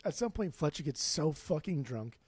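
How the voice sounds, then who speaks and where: A man co-hosting a podcast, retelling stories in rambling, animated casual chat full of "like.". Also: fairly high pitch, moderate pace, breathy edge, no echo. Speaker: podcast co-host.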